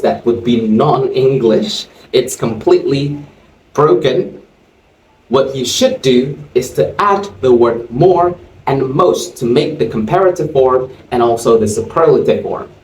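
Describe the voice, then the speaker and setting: Male English teacher, slow and deliberate, roomy off-mic sound. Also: mid-range voice, a little mellow, distant mic. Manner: slow, deliberate explaining with spelled-out endings. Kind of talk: English grammar lesson.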